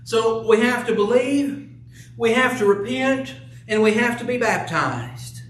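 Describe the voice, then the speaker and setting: High-voiced preacher in an echoey room. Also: male voice, animated, measured pace, fairly bright tone, distant mic. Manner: earnest, rhetorical questions, reads scripture aloud. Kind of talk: sermon.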